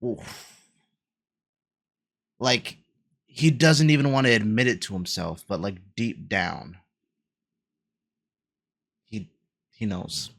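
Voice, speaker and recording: A man's voice: on the low side, slow, vocal fry, pauses often, fairly bright tone. A man hosting a reaction video, talking casually and emphatically, with frequent swearing. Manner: emphatic, exclaiming, swears often.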